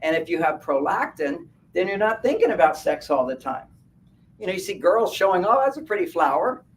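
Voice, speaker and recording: Animated man talking from a distance. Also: fairly high pitch, moderate pace. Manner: animated, laughs at his own points, acts out quotes. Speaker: speaker at a wellness fair. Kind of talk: live talk to an audience. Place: event room at a hotel fair. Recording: distant mic with faint background noise.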